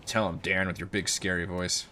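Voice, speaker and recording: A man's voice: deep voice, little pitch movement, fairly quick, background noise. A man hosting a let's play, thinking aloud as he comments casually on a game and reads its text.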